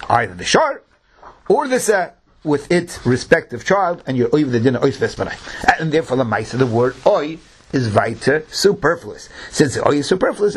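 A man's voice: fairly high pitch, breathy edge. A man teaching a Talmud class, chanting the passages in a singsong and explaining them to his students. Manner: singsong chanting of Hebrew and Aramaic passages mixed with plain explanation; addresses students affectionately.

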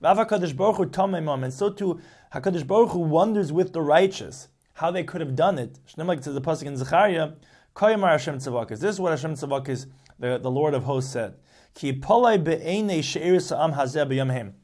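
A man's voice: on the high side, animated, fairly quick, a little mellow. A man giving a Talmud class, reading Aramaic passages aloud and then explaining them in English, with frequent repeats and restarts. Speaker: Talmud teacher. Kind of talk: Talmud class lecture, translating line by line.

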